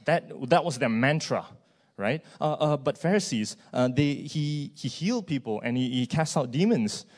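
A man's voice: mid-range voice, lively intonation, normal speed. A man, preaching a sermon in a church in a conversational way, with frequent fillers and a tag "right?".

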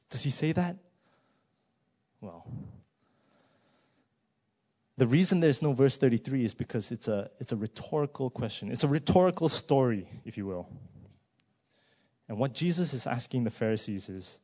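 Male preacher, mid-pitched voice, sermon delivery with hushed lows and loud rising peaks. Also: expressive, normal speed. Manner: asks many rhetorical questions.

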